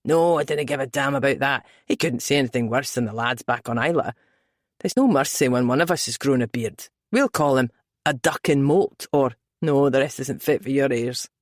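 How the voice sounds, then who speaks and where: A woman narrator voicing a tender, teasing Scottish man in a lowered voice for an audiobook. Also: moderate pace, no echo, clean studio sound, natural voice. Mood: wry. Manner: low, teasing, murmuring. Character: gruff tender Scottish male lover.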